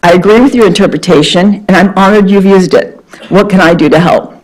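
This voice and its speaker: A woman voicing a gracious, effusive older male author, quoted slowly and deliberately in a storytelling talk. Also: mid-range voice, darkish tone, lightly acted, poor audio. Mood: warm, effusive.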